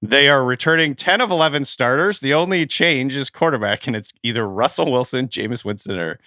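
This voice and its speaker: A man co-hosting a fantasy football podcast, easygoing and quick to laugh in casual chat. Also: mid-range voice, pushed and bright, dry recording, clean studio sound. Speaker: podcast co-host.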